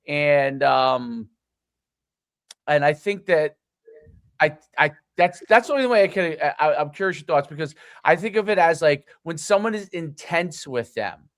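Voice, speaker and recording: Male podcast co-host, halting and self-correcting, slightly high voice, dry close sound. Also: lively intonation, no echo. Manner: halting, searching for words with many restarts. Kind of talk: casual podcast conversation.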